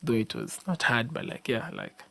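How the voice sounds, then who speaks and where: A young Kenyan man hosts a casual solo podcast, sleepy after a long day, rambling and repeating himself as he exhorts his listeners. His medium-pitched voice swings hugely in pitch at a moderate pace, creaky yet fairly bright. He restarts often and leans on fillers.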